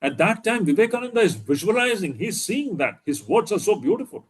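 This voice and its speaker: A man's voice: high voice, big pitch swings, fairly quick, husky. A man, a monk with an Indian English accent, giving an inspirational lecture to students with earnest, emphatic pleading and repeated appeals.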